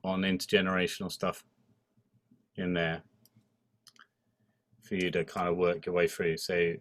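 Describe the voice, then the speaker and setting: A man's voice: low voice, little pitch movement, measured pace, a bit bright, no echo. A man hosting a casual church ministry discussion on a video call, chatty with playful asides. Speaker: host of an online church ministry session. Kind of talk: casual chat.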